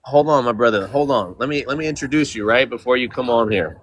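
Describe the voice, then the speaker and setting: A man's voice: medium pitch, fast, fairly bright tone, a little hiss or hum. A man with a surfer-style English accent, Spanish his first language, hosting a casual online panel debate with lots of fillers and restarts. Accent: Californian surfer-style English. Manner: loose, talkative, full of fillers and restarts. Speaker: panel host.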